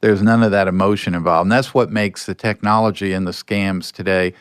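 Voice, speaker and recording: An older man, a podcast guest, telling anecdotes in a relaxed way and acting out bits of dialogue. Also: on the low side, brisk, smooth, no echo, clean studio sound. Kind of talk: storytelling in a podcast interview.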